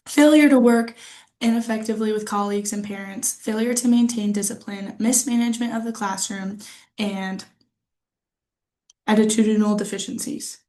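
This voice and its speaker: A woman's voice: mid-range voice, a little mellow. Woman reading a class presentation. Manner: reads from notes with frequent "um" and restarts. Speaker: student presenter.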